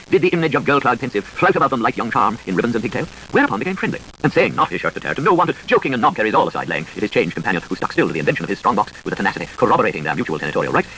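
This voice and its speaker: A man reading dense literary prose aloud at a breakneck clip, his voice rising and falling in a lively, sing-song way. His pitch sits in an ordinary middle register for a man. A faint hiss sits under the voice. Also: low-quality recording. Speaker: reader.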